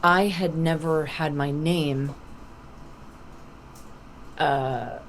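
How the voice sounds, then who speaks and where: A middle-aged woman with a notably low, dusky voice, talking over a video call as a podcast guest. She tells her stories with real relish and slips into acted-out quotes along the way. A faint hiss of noise sits under the call. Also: extremely slow. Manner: lively anecdotal storytelling with acted-out quotes. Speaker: voice actor guest. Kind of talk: podcast interview.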